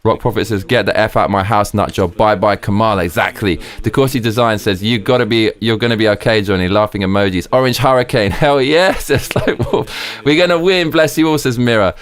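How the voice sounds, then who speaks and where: A man hosting a live stream, excitedly reading viewer comments aloud and swearing freely. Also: lowish voice, a little fast, hardly any pauses.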